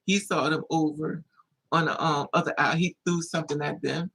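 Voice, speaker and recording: Husky, animated storyteller acting out voices. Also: fairly quick. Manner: animated, acts out voices with high squeals. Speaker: vlogger. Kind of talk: casual storytelling to camera.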